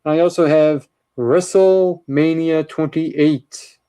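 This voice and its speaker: Mellow-voiced man chatting through his collection. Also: a little high, fairly even intonation, takes it slowly, slight background noise. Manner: chatty, opinionated, with many uhs while listing titles. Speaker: vlogger showing his DVD collection. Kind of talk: casual collection walkthrough.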